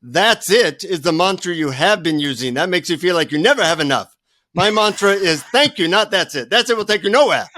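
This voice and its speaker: Stern old Indian guru, solemn, instructive, higher than the speaker's own voice, dry sound, put on by a man telling a story. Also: lively intonation, a little fast, bright, forceful tone, no echo.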